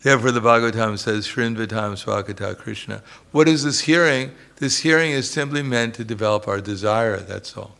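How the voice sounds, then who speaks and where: A man's voice: medium pitch, fairly quick, hardly any pauses, bright, forceful tone, smooth. A man giving a religious lecture as a swami, telling humorous stories and chuckling often.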